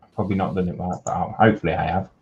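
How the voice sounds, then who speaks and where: A man's voice: deep voice, steady tone, very fast, a little mellow, muffled recording. A man with a Yorkshire accent co-hosting a livestream, chatting casually and reading out viewer comments. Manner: banters and reads out viewer comments. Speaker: livestream co-host reading chat. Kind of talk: casual chat.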